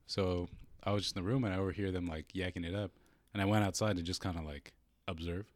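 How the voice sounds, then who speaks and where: Fast-talking low-voiced young man. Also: no room sound. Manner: profane storytelling, animated quoting. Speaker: podcast co-host. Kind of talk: casual chat.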